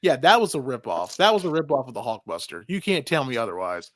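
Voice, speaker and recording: A man co-hosts a casual movie review podcast, profane and animated, putting on mocking voices. His voice is mid-range and quick, heard over a noisy crowd.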